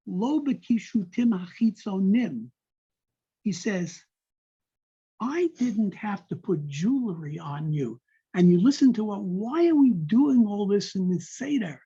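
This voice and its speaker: A man leads a text-study class. He reads a Hebrew phrase, then translates it in a slow, mellow, husky voice. The recording is dull and lo-fi. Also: high voice. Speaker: Torah study teacher.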